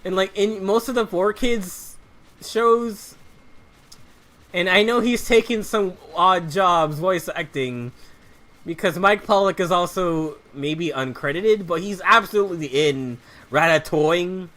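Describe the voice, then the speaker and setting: A man's voice: sits high, measured pace, bright, forceful tone. Rambling man narrating his gameplay. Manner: rambling, loose and offhand, with frequent restarts; muttered asides about the game while playing. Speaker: let's play commentator. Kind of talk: casual gameplay commentary.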